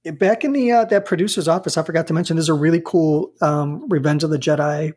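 A man's voice: fairly high pitch, a little fast, a little mellow, slightly rough. A man chatting casually as a podcast co-host, retelling a scene with amused, rambling restarts. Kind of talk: casual chat.

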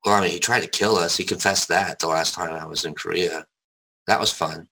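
A man telling his life story in casual conversation, candid and rambling, swearing freely, with a gravelly, husky voice. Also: sits low, steady tone, brisk, sharp tone, a little hiss or hum, poor audio.

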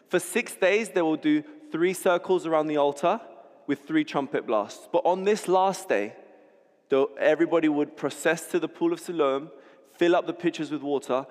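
A man preaching a sermon, telling a scene vividly and often restarting words as he goes. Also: a little high. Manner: vivid storytelling, repeats words when restarting. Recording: long hall reverb.

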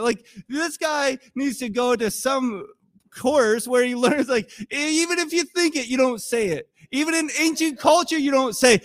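A young man preaching a sermon in an animated, conversational way with joking asides. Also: very high-pitched, moderate pace. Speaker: pastor.

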